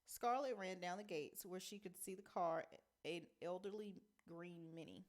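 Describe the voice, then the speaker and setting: A woman teacher reading a novel aloud in a measured storytelling manner. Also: fairly low pitch.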